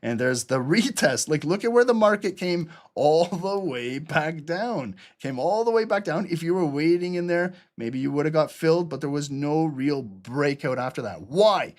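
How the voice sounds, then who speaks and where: Male trading streamer, slightly higher voice, casual and energetic. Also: normal speed, hardly any pauses. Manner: casual, energetic, talks to viewers as guys. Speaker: trading channel host. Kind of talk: live chart analysis.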